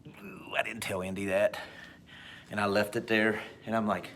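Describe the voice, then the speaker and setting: A male teacher telling a personal anecdote to his class, with big animated swings in pitch and pace. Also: normal speed, a little hiss or hum. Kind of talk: storytelling in class.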